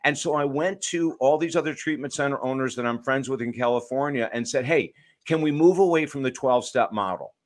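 A man, an author and addiction counselor, talking emphatically in a podcast interview and telling stories to make his points. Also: mid-range voice. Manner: emphatic, storytelling, lively asides.

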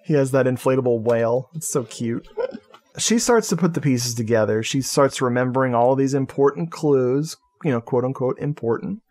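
A man's voice: medium pitch, normal speed, darkish tone. Jokey, swearing male podcast host. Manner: profane, jokey, laughs often. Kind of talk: casual movie recap chat.

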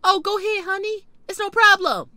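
A man voicing a fussy older aunt with a syrupy, falsely polite tone in a high mock voice. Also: brisk, sharp tone, dry recording, full character voice. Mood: fake sweet. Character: fussy older aunt, sugary fake-sweet.

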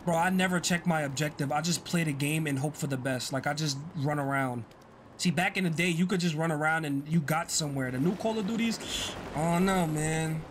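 A man giving casual, chatty commentary while playing a game, excitable and self-deprecating. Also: a little high, fairly quick, slight background noise. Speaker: gaming streamer.

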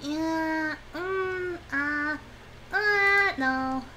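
A young woman streaming as a VTuber speaks extremely slowly in a very high, pushed, bright voice. She chats to herself about her game moves in a whiny, pleading tone, over a little hiss or hum.

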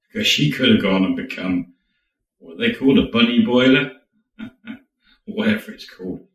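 A man's voice: low voice, roomy sound, distant mic, muffled recording. A man casually telling a true story, chatty and acting out quotes as he goes. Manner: chatty, acts out quotes, laughs now and then.

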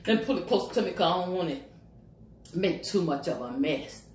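A Virginia woman in her 50s, a mukbang vlogger, chats casually with viewers while eating, humming over her food and talking with her mouth full. Her voice is fairly low, expressive, a little mellow and fairly quick, in an echoey room with faint noise.

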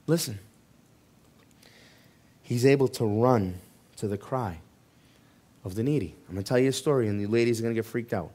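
In a church, a mid-range male pastor preaches and shares a personal story. His delivery shifts between loud, urgent passages and hushed moments.

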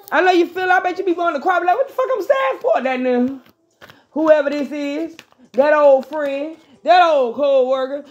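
High, laughing profane woman vlogger. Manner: profane, laughing, animated, breaks into song. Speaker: spiritual vlogger. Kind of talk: casual spiritual pep talk to viewers.

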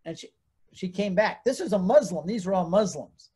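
A man's voice: sits high, brisk, a little mellow, slightly rough. A man telling a personal story as a guest in an interview, acting out the voices of the people he quotes. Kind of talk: animated storytelling.

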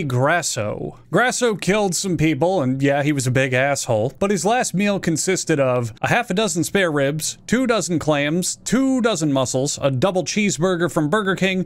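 A young man with a high voice delivers comedic commentary. He rants and swears freely, his sarcasm sharp and loud. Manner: ranting, profane, sarcastic. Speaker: YouTube host.

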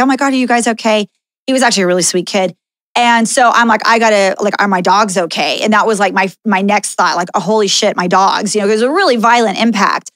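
A woman's voice: mid-range voice, no room sound. A middle-aged woman hosting a podcast, telling a story in casual chat, full of fillers and "like". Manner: animated storyteller, many fillers and "like". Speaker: podcast host.

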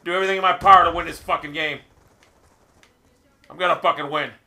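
A man ranting angrily while playing a video game, swearing constantly and often shouting. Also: a little high, fairly even intonation, quick pace. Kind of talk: angry gameplay commentary.

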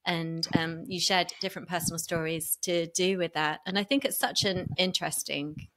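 Encouraging woman interviewer, lowish voice. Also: fairly even intonation, normal speed. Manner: encouraging, warmly admiring. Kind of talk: interview questions.

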